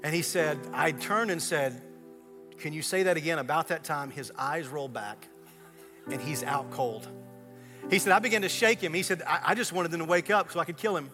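A man preaches with a slightly raised pitch, telling a story that moves between hushed and loud, excited passages. Music plays clearly beneath his voice throughout. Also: moderate pace. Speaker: pastor. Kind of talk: sermon.

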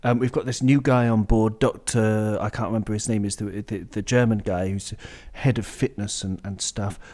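A man's voice: on the low side, fairly even intonation, normal speed, a little mellow. A man hosting a casual football chat, rambling and drifting off on tangents. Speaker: podcast host. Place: indoors during a storm with traffic outside.

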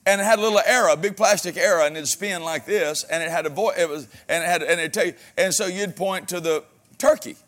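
The preacher's voice sits high and moves at a quick pace. His sermon is full of folksy humor and amens, alternating between loud exhortation and hushed asides.

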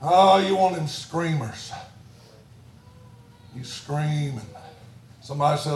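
A man preaching a fiery sermon in church, shouting and chanting his lines, out of breath at times. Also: a little high, takes it slowly, pauses often, echoey room. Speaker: pastor.

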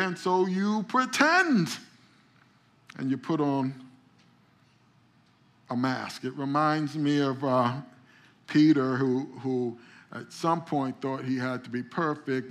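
Guy preaching a sermon, kinda high bright voice, talks loose and stumbles over words, keeps asking the crowd to say amen. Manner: conversational preaching with frequent restarts and repeated words; calls out to the congregation for responses. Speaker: pastor.

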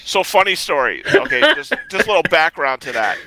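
A man's voice: on the high side, big pitch swings, fairly quick, sharp tone, poor audio. A man co-hosting a casual podcast who tells stories animatedly, acts out the people in them, swears and laughs often. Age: adult, past college. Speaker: podcast co-host. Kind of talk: casual chat, storytelling.

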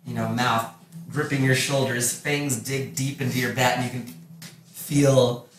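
A man narrating as game master in a casual tabletop session, pausing with many fillers as he describes the action. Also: medium pitch, steady tone. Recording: echoey room with faint background noise.

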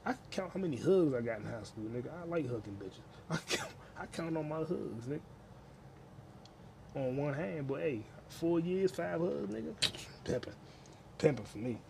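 A man's voice: on the high side, lively intonation, normal speed, vocal fry, noisy background. A man hosting a crude solo podcast from his home kitchen, rambling, swearing constantly and laughing at his own jokes. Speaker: podcast host.

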